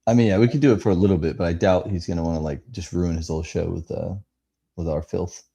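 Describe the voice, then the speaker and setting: A man with a low, mellow voice co-hosts a live podcast in casual chat. He rambles through long stories, full of fillers and bursts of animation. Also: steady tone, fast, gravelly, husky. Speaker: podcast co-host.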